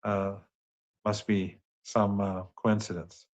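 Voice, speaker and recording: A man, a professor speaking as an interview guest, talking in a measured way with frequent restarts. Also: fairly low pitch, little pitch movement. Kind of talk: remote interview commentary.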